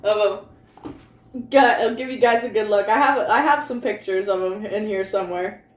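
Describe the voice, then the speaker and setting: A woman's voice: medium pitch, moderate pace. A woman co-hosting a casual chat show, talking in a chatty way and laughing often. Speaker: co-host. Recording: echoey room with faint hum.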